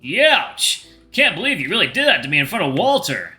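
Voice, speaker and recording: Man reading a leisurely teasing young guy, bright voice, visual novel. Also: on the high side, very animated, fast, faint music behind, pitched above the performer's own voice, exaggerated voice. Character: laid-back teasing young man, Mark.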